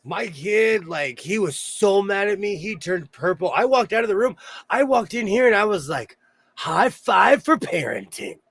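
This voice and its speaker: A man hosting a casual sewing-circle chat, telling animated stories and laughing often. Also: sits high, moderate pace. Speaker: host of a sewing show; single father.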